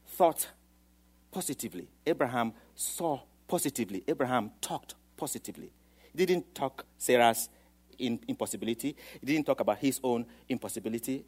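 A man preaching a sermon, swinging from quiet, low asides to loud, emphatic declarations. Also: breathy edge. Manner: dramatic, swings from soft to loud, acts out quoted voices.

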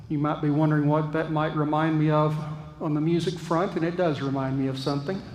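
A man preaching a sermon as pastor, earnest and reflective, with thoughtful pauses. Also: on the high side, reverberant, big-room sound, poor audio. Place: church.

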